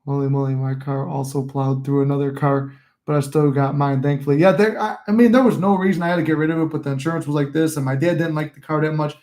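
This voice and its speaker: A man's voice: on the high side, fairly even intonation, fast, a little mellow. A young man in his twenties telling rambling, profane stories in a casual livestream chat, reading viewer comments aloud. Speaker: livestream host.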